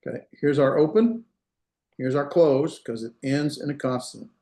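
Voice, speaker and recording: A man with a slightly high, dark-toned voice gives a Hebrew lecture at a moderate pace. He goes step by step, repeats examples, and checks student comprehension, with roomy echo in the recording.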